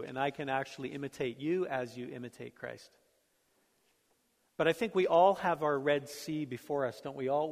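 A middle-aged male pastor preaching a sermon in a conversational, storytelling way, self-deprecating about his own life. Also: on the high side. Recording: long hall reverb.

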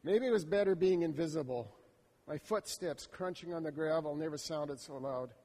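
A man with a warm, somewhat high voice speaks at normal speed in a first-person dramatic monologue, telling a story in an intimate, reflective inner voice. Long hall reverb surrounds the recording.

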